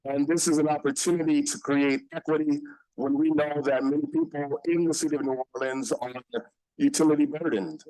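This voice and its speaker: A man's voice: medium pitch, darkish tone, no echo, low-quality recording. A man giving a public comment at a city council meeting in an earnest, persuasive, appreciative way. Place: council chamber.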